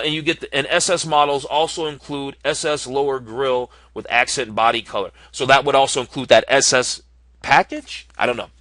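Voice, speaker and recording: Give me a talkative man thinking aloud, bright tone, dry recording. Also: medium pitch, dry recording. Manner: chatty, thinking aloud with many ums and uhs. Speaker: car reviewer building a car online. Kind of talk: casual screen-recorded commentary.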